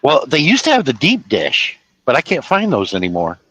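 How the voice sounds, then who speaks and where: A man's voice: mid-range voice, huge pitch swings, moderate pace, bright, forceful tone, husky, dry recording. A trucker rambles through his stories from the cab, tripping over restarts and dropping the odd curse. His voice sits in a middle register and comes through a little dull and lo-fi, with a dry, close sound and no room around it. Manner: storytelling with swearing and restarts. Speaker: truck driver streaming. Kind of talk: casual rambling chat.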